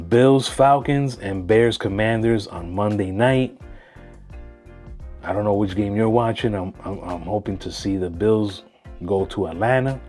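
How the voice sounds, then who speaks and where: A man with a lowish voice riffs through sports matchups in a loose, slangy way, tossing in bits of Spanish. Faint music plays quietly behind him. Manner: slangy, animated, mixes in Spanish phrases. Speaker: sports vlogger. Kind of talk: casual sports commentary.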